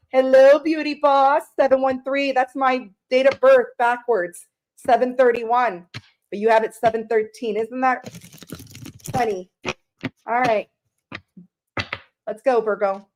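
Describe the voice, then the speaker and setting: A woman's voice: on the high side, unhurried, long pauses, a little mellow, slight background noise. A middle-aged woman giving a chatty live-stream tarot reading, greeting viewers by name and swearing casually. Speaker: tarot reader.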